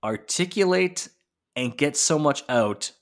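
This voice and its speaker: A man's voice: on the high side, expressive, slow. A man co-hosting a podcast, chatting casually and swearing freely while recapping a wrestling show. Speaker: podcast co-host.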